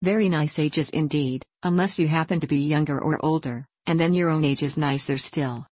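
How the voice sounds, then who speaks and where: A woman narrating a children's story for an audiobook, in a measured storytelling manner. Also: sits low, a little mellow, slightly rough, dry recording.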